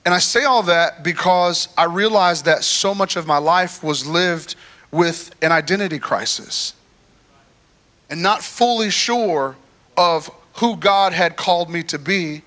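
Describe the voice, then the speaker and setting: A man preaching a sermon in a church, telling his own story in a lively, chatty way and drawing in the congregation. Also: sits high, a little slow. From United States. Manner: animated, conversational, talks to the crowd. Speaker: guest preacher.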